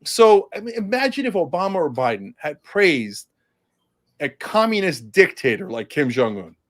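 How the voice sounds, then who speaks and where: Fiery, high-voiced man talking politics. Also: moderate pace. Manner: animated, sarcastic, combative. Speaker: political candidate, interview guest. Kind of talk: impassioned political interview talk.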